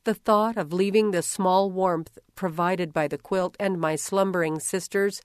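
A woman reading a first-person story aloud in a measured, gentle way. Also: on the low side, fairly even intonation, no echo, studio quality. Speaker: reader.

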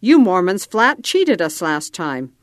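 A surly, growling cowboy grumbles his lines in a storybook reading, as a woman acts him out. The voice is low and slow, recorded close and dry. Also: sing-song, no echo. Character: grumpy growling male cowboy.

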